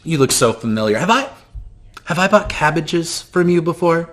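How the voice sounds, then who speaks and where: A man's voice: fairly high pitch, expressive, normal speed, a bit bright, pitched above the performer's own voice. A game master doing a flamboyant, fussy male magician with a lifted, sing-song voice. He gushes and piles on repetitions with theatrical delight, as a man puts him on at the table. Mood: gushing. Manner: gushing, theatrical, repeats himself.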